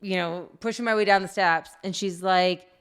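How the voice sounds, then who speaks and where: A middle-aged woman co-hosting a podcast, telling a story in a lively, laughing way with lots of fillers. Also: lowish voice, normal speed, clear, resonant tone. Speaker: podcast co-host. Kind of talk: casual storytelling chat.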